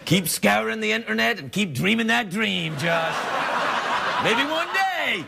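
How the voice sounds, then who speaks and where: A man's voice: sing-song, gravelly. A man hosting a late-night talk show, rambling through viewer emails with a jokey, playful manner. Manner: playful, rambling, jokey, quick pitch jumps. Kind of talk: comic monologue reading viewer emails. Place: TV studio with live audience. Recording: broadcast with loud audience laughter and noise.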